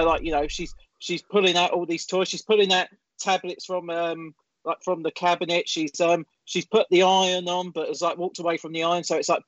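A man's voice: a little high, dry recording. A man on a podcast, telling a story expressively and acting out what people said. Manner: expressive storytelling with acted quotes. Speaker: podcast panelist. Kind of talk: casual chat. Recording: dull lo-fi sound.

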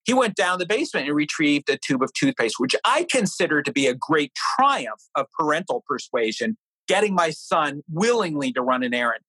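Speaking at a moderate pace with hardly any pauses, this middle-aged New Hampshire author, a guest in an interview, lays out his ideas and recounts a family story in a chatty way. His voice has a breathy edge and a lively pitch, and he tells stories with animation. The recording is rough, without room sound.

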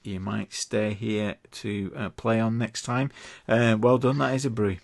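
A man's voice: on the low side, level tone, gravelly. A man co-hosting a chatty podcast, quizzing his friend and drawing out made-up Latin names playfully. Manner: playful, drawn-out pronunciation of mock Latin. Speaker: podcast co-host. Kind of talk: casual chat and quiz.

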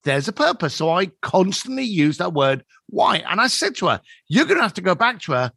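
Man in his 50s telling coaching stories, high bright voice, really lively, dry close mic. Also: fairly quick, gravelly, breathy edge, no echo. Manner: animated, acts out quoted dialogue. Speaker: guest, business coach. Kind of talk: conversational storytelling.

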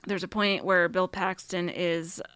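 A woman's voice: lowish voice, little pitch movement, unhurried, fairly bright tone, clear, resonant tone, dry recording. A woman co-hosting a podcast, chatting casually about a film and laughing often. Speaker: podcast co-host. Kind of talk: casual movie discussion.

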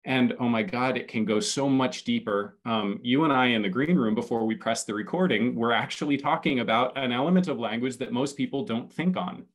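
A man talking as a guest on a podcast in a casual interview. His voice is mid-pitched, and he explains his ideas with enthusiasm, stacking his points one after another. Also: fairly quick, hardly any pauses. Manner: enthusiastic, explanatory, speaks in building lists. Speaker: podcast guest, community consultant.

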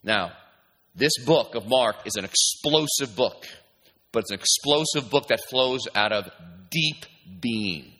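A man's voice: mid-range voice, animated, unhurried, pushed and bright. A man preaching a sermon as pastor, talking in a conversational way with many "you know"s and restarts. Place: church sanctuary. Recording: long reverb from a church hall.

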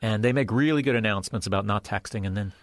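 A man's voice: fairly low pitch, fast talker, no room sound. A man hosting a casual podcast chat, chiming in with short replies and telling his own comedy club story. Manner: easygoing, chimes in with short replies and quips.

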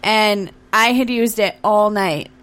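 A woman's voice: medium pitch, slow, fairly bright tone. A woman co-hosting a podcast, telling playful stories in casual chat. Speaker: podcast co-host, open mic host.

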